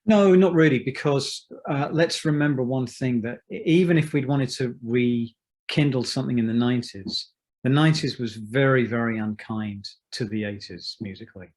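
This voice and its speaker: A man in his fifties, a musician being interviewed, who talks in a thoughtful, measured way with many restarts. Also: medium pitch, a little mellow. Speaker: musician guest. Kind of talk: reflective interview talk.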